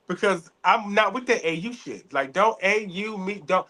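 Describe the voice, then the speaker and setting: A man chatting casually as a podcast co-host, telling animated stories full of cursing. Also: sits high, moderate pace. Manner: animated storytelling, heavy cursing. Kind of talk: casual chat.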